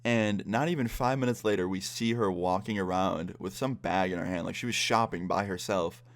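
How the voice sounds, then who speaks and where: A man's voice: low-pitched, normal speed. A young man casually telling a story on his vlog, blunt and profane. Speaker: vlogger.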